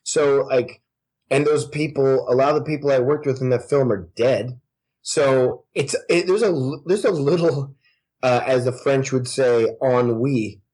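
A man in his forties, a guest actor, telling stories in casual podcast chat with a lively, profane manner. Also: medium pitch, measured pace, slightly rough. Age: 40s. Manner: profane, animated storytelling.

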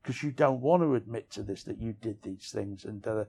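A man's voice: on the low side, moderate pace, darkish tone, slightly rough. A middle-aged man, a writer and interview guest, telling frank personal stories in a rambling way, often saying "you know what I mean". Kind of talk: candid personal storytelling.

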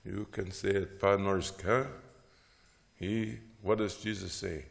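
A man teaching about preaching, who tells Bible stories in a lively way with frequent "huh?" asides and chuckles. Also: fairly low pitch, slow pace, gravelly, long reverb tail.

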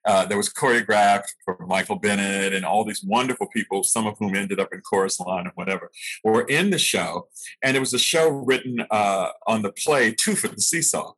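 A man's voice: on the low side, moderate pace, fairly bright tone, husky, low-quality recording. An older man, an actor being interviewed, telling stories of his early training, reflective and laughing at himself now and then. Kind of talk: storytelling in an interview.

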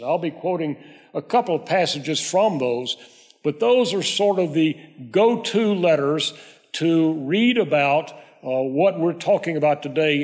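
Male pastor, conversational measured sermon delivery, reverberant church. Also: fairly high pitch. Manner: measured, conversational preaching with prayer.

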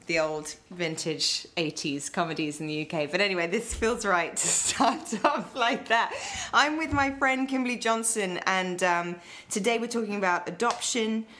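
A middle-aged woman with an English accent hosts a relaxed podcast chat, her voice sitting low. She talks in a playful, rambling way with frequent laughter. The room around her has a noticeable echo. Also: normal speed, a little hiss or hum. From England. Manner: chatty and playful, laughs often, rambling asides. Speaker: podcast host. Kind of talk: casual chat. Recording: echoey room.

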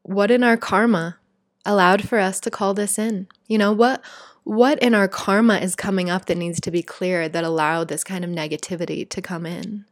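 A woman with a medium-pitched voice speaks at a moderate pace and steady tone, giving a reflective spiritual monologue that is earnest, emotional, and heartfelt. She's conversational and chatty, using "like" a lot. The recording is dry, with clean studio sound.

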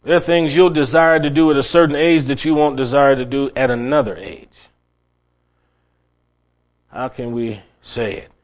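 A man's voice: medium pitch, steady tone, normal speed, long pauses. A middle-aged man preaching a sermon, telling stories and often restarting his words. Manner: storytelling with many restarts and repeated words.

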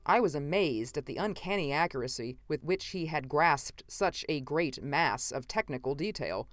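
A woman narrating a science fiction audiobook in a measured, even way. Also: low voice, dry recording. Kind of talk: scripted narration.

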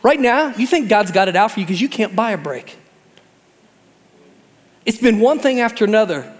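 A man preaching a sermon in an animated way, acting out voices of God and Jonah as he speaks. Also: sits high, moderate pace, long reverb tail. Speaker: pastor.

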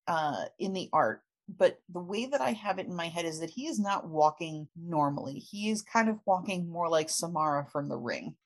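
A woman casually recapping a comic book story with lots of fillers and laughter. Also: lowish voice. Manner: chatty, laughing, many fillers. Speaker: podcast host.

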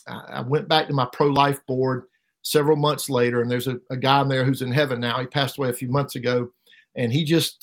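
A middle-aged man giving an emotional personal testimony as an interview guest, halting and repeating words, his voice rising sharply at painful moments. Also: medium pitch, gravelly. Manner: halting, repeats words, voice rises sharply when reliving pain.

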